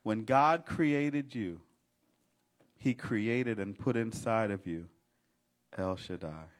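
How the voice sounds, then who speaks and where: A man's voice: lowish voice, takes it slowly. A male pastor preaching a sermon with a rhythmic, fervent litany and call-and-response.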